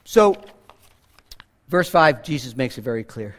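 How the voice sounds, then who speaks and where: A pastor preaches a sermon in an earnest, conversational way, throwing emphatic asides to the congregation. His voice is medium-pitched, expressive and a little slow. Reverb from a large hall colors the recording.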